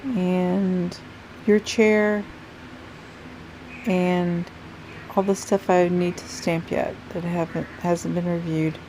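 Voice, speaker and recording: A woman chats her way through a home nail art video, rambling and correcting herself as she goes. Her voice is low, dark and gravelly, and she talks slowly, as if half asleep. A faint hiss sits under the recording. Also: flat delivery, poor audio. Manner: chatty, rambling, self-correcting. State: sleepy, yawning. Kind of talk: casual chat to camera. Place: home craft room.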